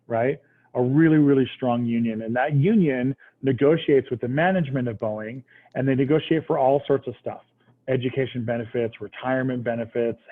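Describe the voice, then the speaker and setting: A man teaching a history class in a casual, conversational way, often checking in with the students. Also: mid-range voice. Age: adult, past military service. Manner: conversational, checks understanding with "right?". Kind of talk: classroom lecture. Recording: tinny phone-like recording.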